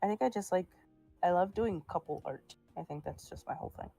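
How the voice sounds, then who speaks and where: A woman's voice: on the low side, a little fast, creaky, warm tone, slightly rough, soft background music. A young woman chatting casually while drawing on a stream, laughing and swearing now and then. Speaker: streamer making art.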